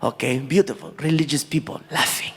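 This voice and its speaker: A man voicing a calm, formal and gracious young male prince in a deep, slow, polite voice. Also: husky.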